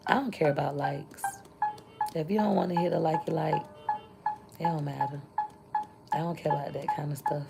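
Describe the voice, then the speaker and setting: A woman's voice: low voice, gravelly. A woman content creator and mother chatting candidly with her viewers on a livestream, rambling and thanking them between thoughts. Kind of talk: casual livestream chat with viewers. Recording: loud music playing behind the voice. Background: loud music.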